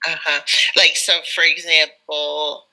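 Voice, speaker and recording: A woman's voice: low voice, level tone, slow, pushed and bright, low-quality recording. An American woman working as an English tutor, giving encouraging tips in a live online lesson with lots of "you know" fillers. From United States. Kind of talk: live online teaching chat.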